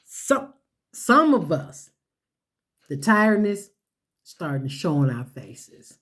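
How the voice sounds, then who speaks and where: A woman's voice: lowish voice, sing-song, slow, long pauses, fairly bright tone. A woman giving a motivational sermon-style talk, building on repeated rhetorical questions and folksy phrasing. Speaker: speaker.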